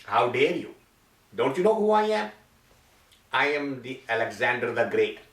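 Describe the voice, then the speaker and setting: An outraged, boastful great king, as a man puts him on in a story, dropped lower than the storyteller's own voice. The sound is echoey and distant from the mic. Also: sing-song, normal speed, fairly bright tone. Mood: indignant. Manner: indignant, boastful. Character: proud, angry great king, adult man. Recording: echoey room from far off.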